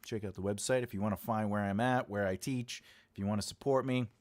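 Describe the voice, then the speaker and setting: A man's voice: fairly low pitch, steady tone, fast, a little mellow. A man from the United States hosting his channel as an author, rambling casually and repeating his phrases as he talks to viewers. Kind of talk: casual livestream chat.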